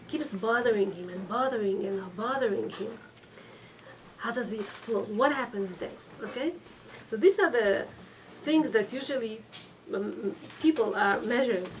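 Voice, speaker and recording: A middle-aged woman giving a religious class, telling stories with acted-out quotes and checking in with her listeners. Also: fairly high pitch. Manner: storytelling with acted quotes, frequent restarts and "okay?" checks. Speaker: rabbanit giving a weekly class. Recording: distant mic with faint room noise.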